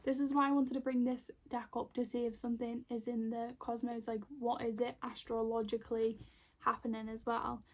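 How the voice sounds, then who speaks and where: A woman's voice: fairly high pitch, little pitch movement, moderate pace. A woman giving a casual spiritual card reading, rambling with lots of fillers and heartfelt emotion. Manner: rambling, full of fillers and restarts. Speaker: intuitive card reader. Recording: voice a bit far from the mic.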